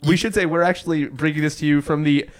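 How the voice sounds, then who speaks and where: A man's voice: on the high side, steady tone, fast. A man co-hosting a studio podcast, making wry comments with a chuckle. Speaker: podcast co-host. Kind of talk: casual podcast chat.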